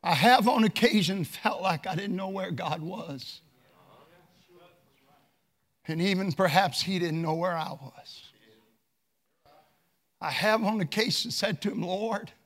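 A man's voice: high-pitched, measured pace, long pauses, a bit bright. A man preaching a sermon in a fervent, emphatic way.

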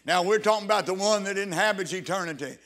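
Fervent male preacher with a high voice, stumbling restarts and loud rising emphasis. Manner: halting with repeated restarts. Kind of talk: sermon.

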